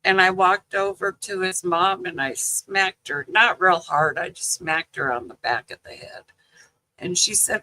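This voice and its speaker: An older woman chatting casually with viewers on a livestream, telling family stories in a slow, rambling way with lots of "you know" and laughter. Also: on the low side, sharp tone, slight background noise, low-quality recording. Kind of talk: casual live chat.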